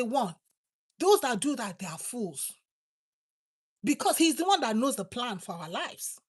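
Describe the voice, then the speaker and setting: A woman preaching a sermon, emphatic, repeating words for stress. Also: fairly high pitch. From Nigeria.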